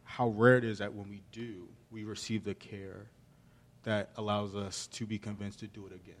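A man interviewing an author, asking thoughtful questions in a measured, hesitant way. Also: lowish voice, flat delivery.

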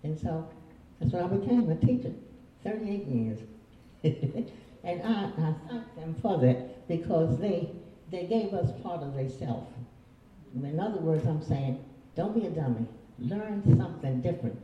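A woman's voice: deep voice, lively intonation, unhurried, dark tone. An older woman, a retired teacher, telling her own family memories in a folksy, chuckling way. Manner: chuckling, folksy, plays other voices. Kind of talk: oral history storytelling. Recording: distant, roomy, dull lo-fi recording.

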